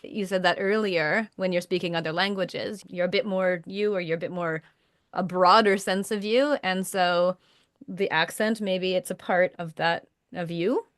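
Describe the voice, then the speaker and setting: Low-voiced woman host, dry sound. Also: steady tone, normal speed, a bit bright, no room sound. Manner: reflective, summarizing, encouraging listener. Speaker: podcast host and coach. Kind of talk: conversational interview.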